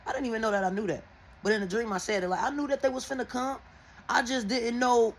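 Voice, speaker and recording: A woman who reads tarot, telling viewers a dream in a casual, animated and heavily profane way. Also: on the high side, fast, poor audio. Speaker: tarot and oracle reader.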